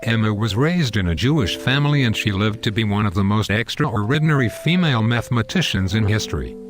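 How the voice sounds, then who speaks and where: A man's voice: on the low side, animated, fairly quick, close to an everyday voice. A man playing a fond, teasing old grandfather who tells his granddaughter a story in an amateur scripted skit, calling her honey. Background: background music.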